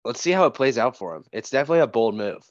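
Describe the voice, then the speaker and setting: A young man co-hosting a podcast, laid-back and laughing, often trailing off quietly. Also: mid-range voice, animated, quick pace, no echo, highs cut off. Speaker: podcast co-host. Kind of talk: casual podcast banter.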